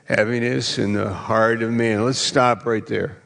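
A man's voice: on the low side, fairly even intonation, unhurried, creaky, fairly bright tone. A male pastor preaching a sermon, teasing the congregation in a playful way. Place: large church hall. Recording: long hall reverb.

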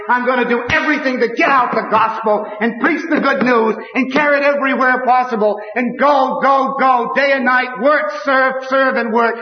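A preacher delivers a fiery, emphatic sermon full of repetition, in a voice pitched notably high for a man. He was recorded in a large, reverberant hall. The sound is dull and lo-fi.

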